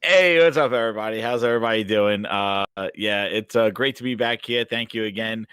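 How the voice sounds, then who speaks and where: A man speaking as a guest on a gaming podcast, halting with many restarts. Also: lowish voice, little pitch movement, fairly bright tone, smooth, no echo, studio quality. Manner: hesitant, lots of fillers and restarts. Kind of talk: casual podcast chat.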